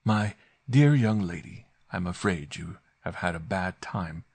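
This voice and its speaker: A man voicing a pompous, smooth-talking older male doctor who speaks in an unctuous, oracular way in a storybook reading. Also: low-pitched, animated, a little slow, full character voice. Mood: smooth menace.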